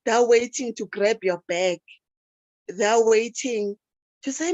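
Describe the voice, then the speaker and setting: A woman's voice: on the high side, slow pace, darkish tone, no room sound, highs cut off. A woman, a teacher and life coach, giving an emotional motivational talk on a video call. She repeats herself often and keeps calling her listeners guys.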